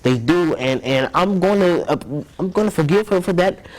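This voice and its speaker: A man's voice: on the high side, expressive, normal speed, a little mellow. A young man telling a story as an interview guest, rambling and earnest, often repeating himself.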